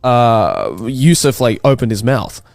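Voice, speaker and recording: A man's voice: medium pitch, huge pitch swings, a little slow, gravelly, darkish tone, dry recording. A man in his thirties co-hosting a casual podcast chat, telling stories animatedly, laughing often and swearing freely. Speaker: podcast co-host.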